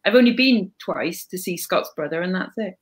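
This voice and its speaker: A woman's voice: lowish voice, animated, normal speed. Chatty woman with a slight Welsh lilt. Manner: chatty, self-deprecating, trails off and restarts. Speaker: co-host. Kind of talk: casual chat.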